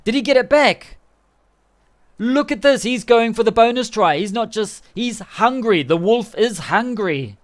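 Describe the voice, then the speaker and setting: Male streamer, higher register, chatty and excitable play-by-play. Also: unhurried. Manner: excitable, chatty, laughing often. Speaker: game streamer. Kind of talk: live game commentary.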